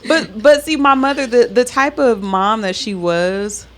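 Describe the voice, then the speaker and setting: A woman's voice: on the high side, measured pace, noisy background. A woman in her thirties co-hosting a podcast, telling stories in a casual, laughing way. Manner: laughing, animated storytelling. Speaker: podcast co-host. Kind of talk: casual chat.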